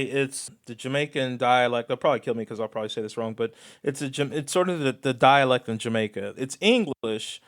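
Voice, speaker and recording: A man co-hosting a podcast in casual chat, telling lively stories and sometimes slipping into patois-style phrasing. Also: medium pitch, fast, few pauses. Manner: animated storyteller, slips into patois phrasing. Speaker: podcast co-host, designer.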